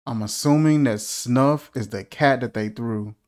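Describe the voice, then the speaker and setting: A man's voice: medium pitch, measured pace, a little mellow. A man hosting a casual movie reaction, joking and incredulous, asking one rhetorical question after another.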